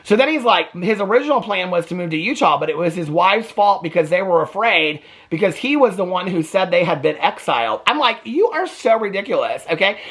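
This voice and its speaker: A man's voice: high-pitched, a bit bright. A man hosting a reaction channel, chatting sarcastically about a TV show, laughing often and adding "okay?" as he goes. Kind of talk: casual reaction commentary.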